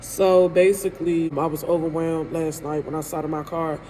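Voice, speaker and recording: A woman's voice: low voice, steady tone, normal speed, dark tone, slight background noise. A woman in her thirties speaks straight to her viewers in an emotional storytime vlog. She talks candidly and loosely, with hurt in her voice, and keeps checking in with the audience. A faint room ambience sits behind her. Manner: candid, rambling, frequent "you know what I'm saying". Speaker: live streamer telling her own story.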